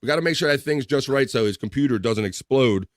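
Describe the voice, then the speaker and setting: A man's voice: medium pitch, animated, quick pace, slight background noise. A man hosting a casual livestream, joking loosely and reading viewer comments aloud. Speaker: livestream host. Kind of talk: casual live chat.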